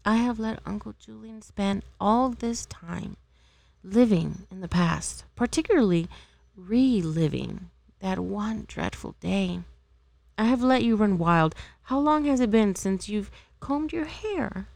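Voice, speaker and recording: An earnest young woman who gently scolds her little sister, read by a woman. Her voice sits low and a little gravelly. The sound is close and dry. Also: animated, normal speed, dry recording. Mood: chiding.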